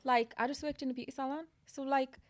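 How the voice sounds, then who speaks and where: An English woman in her 20s talks at a quick pace in a high-pitched voice as a podcast guest. She chats casually, telling stories animatedly and saying "like" a lot.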